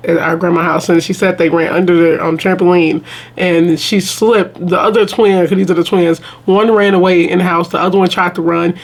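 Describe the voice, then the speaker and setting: A young adult woman telling stories on her vlog in a casual chat, animated and laughing as she talks straight to her viewers. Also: mid-range voice. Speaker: vlogger.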